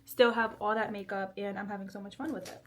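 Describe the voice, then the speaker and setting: A woman's voice: mid-range voice, steady tone, fast talker, a little hiss or hum. A woman in her twenties chatting casually and giggling as she does her makeup at home. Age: 20s. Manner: chatty, giggly, self-deprecating. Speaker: vlogger. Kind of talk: casual chat while doing makeup. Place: bedroom at home.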